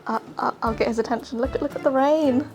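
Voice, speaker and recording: A woman's voice: sits high, steady tone, quick pace, a little mellow, soft background music. A woman presenting a quiz, reading questions in an amused, upbeat way.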